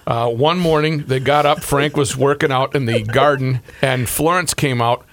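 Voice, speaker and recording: A man co-hosting a casual chat, telling family stories and jokes with animated delivery. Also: mid-range voice, moderate pace. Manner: animated storyteller who acts out punchlines.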